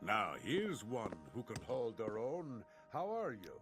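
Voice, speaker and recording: Friendly fantasy game guildsman, welcoming, lively pitch. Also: a little slow, over music. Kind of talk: video game voice acting.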